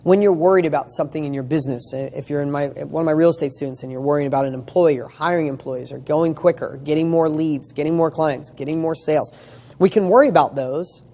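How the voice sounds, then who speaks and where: This man gives a motivational talk at a fast clip, his slightly high voice mellow as he throws out rhetorical questions, speaks emphatically and casually, and swears now and then.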